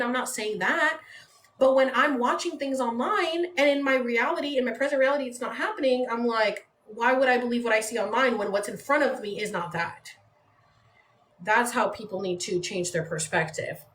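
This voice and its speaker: A woman's voice: fairly high pitch, a bit bright. A woman from San Diego chatting casually on a phone livestream from home, rambling and leaning on "like" as she talks. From San Diego, California. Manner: rambling, conversational, uses "like" often. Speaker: livestream host. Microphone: phone mic. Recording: echoey room with faint background noise.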